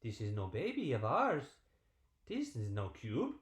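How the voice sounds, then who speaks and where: A man's voice: mid-range voice, wildly swooping pitch, unhurried, echoey room, voice pushed down. A man voicing a pair of puzzled cube parents in a put-on French accent, exclaiming and wondering about their baby. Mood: puzzled, excited.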